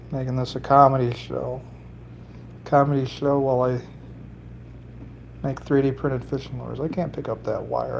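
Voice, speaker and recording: A man's voice: medium pitch, vocal fry, darkish tone. Guy rambling to his stream chat while he works, cracks dumb jokes, faint car noise in the back. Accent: slight put-on Italian lilt. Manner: rambling, jokey, talking to chat while working. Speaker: livestreamer building fishing lures. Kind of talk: casual solo livestream chat.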